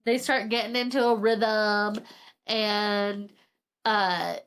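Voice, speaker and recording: A woman's voice: mid-range voice, level tone, slow pace, a bit bright, clear, resonant tone. A woman co-hosting a podcast, casually retelling a novel's plot, acting out characters' lines and using "like" a lot. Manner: swears casually. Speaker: podcast co-host. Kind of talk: casual book chat.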